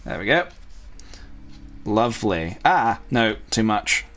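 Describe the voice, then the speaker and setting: A man's voice: on the low side, big pitch swings, slow pace, fairly bright tone. A man chatting casually to viewers while drawing, rambling and self-talking with playful asides. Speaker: youtuber drawing on stream.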